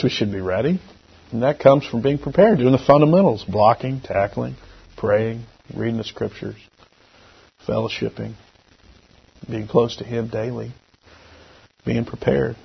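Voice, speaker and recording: A middle-aged man giving a church lesson with anecdotes, talking conversationally and swinging between loud emphasis and quiet asides. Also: mid-range voice, normal speed, creaky, long pauses, slightly rough. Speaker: lay preacher. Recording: dull lo-fi recording.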